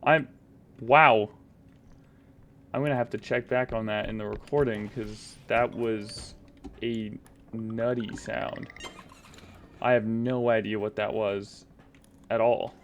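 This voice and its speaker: A man's voice: steady tone, slow pace, long pauses. Goofy rambling guy narrating his gameplay. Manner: rambling, goofy, self-mocking, jumps into silly high voices. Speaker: gaming YouTuber. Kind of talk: solo gameplay commentary.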